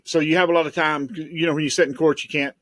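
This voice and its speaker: Rambling male storyteller, a private investigator, slightly high voice, dry studio mic. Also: flat delivery, fast, a bit bright, dry recording. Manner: rambling, repeats words while telling stories. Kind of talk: casual podcast storytelling.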